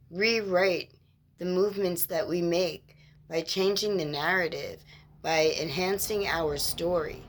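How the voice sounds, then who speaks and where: A woman speaking as a spiritual mentor in an inspirational monologue, gentle and reassuring, with measured, drawn-out phrasing. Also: fairly low pitch, a little hiss or hum. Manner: slow, measured, drawn-out phrasing with lists of words.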